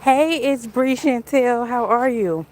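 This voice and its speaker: A woman chatting on a casual walk-and-talk livestream outdoors, talking in an animated way and answering viewers' comments. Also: a little high, takes it slowly. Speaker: livestream vlogger.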